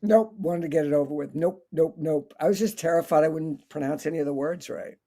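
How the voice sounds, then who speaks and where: A man's voice: a little high, brisk, warm tone. A man chatting as a guest on a streamed show, answering in a dry, understated way with short replies. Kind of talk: casual interview chat.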